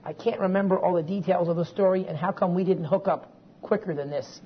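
A man's voice: sits high, brisk, husky. Folksy man teaching a Bible class. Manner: folksy, digressive, checks in with listeners. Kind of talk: classroom lecture with personal story. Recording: dull lo-fi recording with faint hiss.

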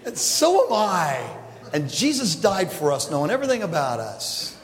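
Joking pastor preaching in an echoey hall. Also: male voice, sits high, wildly swooping pitch, moderate pace. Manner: conversational preaching with jokes. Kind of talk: sermon. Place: large church hall. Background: congregation laughing.

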